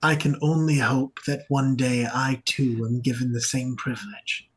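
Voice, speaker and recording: A man's voice: mid-range voice, fairly even intonation, moderate pace, breathy edge, close to an everyday voice, low-quality recording. A man doing a solemn veiled zealot envoy. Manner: solemn, formal, devout.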